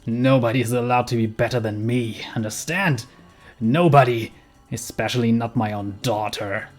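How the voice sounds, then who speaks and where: A man's voice: medium pitch, steady tone, normal speed, faint music behind, close to an everyday voice. A man voicing an envious middle-aged scientist father who speaks in a cold, contemptuous, menacing way. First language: German.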